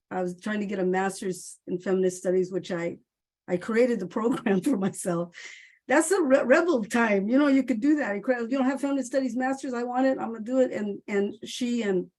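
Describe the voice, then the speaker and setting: An older woman on a video call, telling lively stories with frequent laughter and loud bursts. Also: mid-range voice. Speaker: honored guest playwright.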